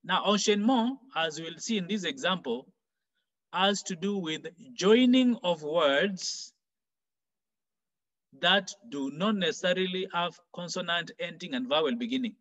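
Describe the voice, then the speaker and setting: A man teaching a French lesson for exam preparation, explaining slowly and repeating example phrases. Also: high-pitched, lively intonation, fairly bright tone, poor audio. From Kenya. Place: online class.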